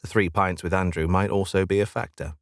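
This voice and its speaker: A man narrating a first-person audiobook in a steady, wry storytelling manner. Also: low voice, fairly quick, no echo, clean studio sound.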